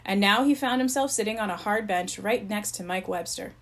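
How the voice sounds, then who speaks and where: A woman's voice: mid-range voice, a little fast, fairly bright tone. Woman reading a children's storybook aloud. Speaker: narrator.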